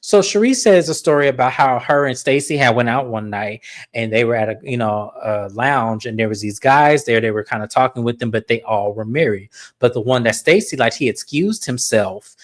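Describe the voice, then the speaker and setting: A woman's voice: very deep voice, expressive, moderate pace. Blunt, opinionated woman recapping a show. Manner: blunt, opinionated, swears freely. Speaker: reality show recap reviewer. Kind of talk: casual recap commentary.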